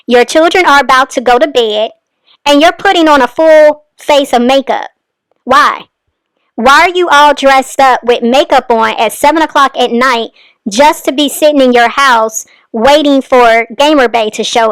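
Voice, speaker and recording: Scolding high-voiced woman commentator. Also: fairly bright tone, smooth, no echo. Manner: exasperated, scolding. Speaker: commentary host. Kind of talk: reaction commentary.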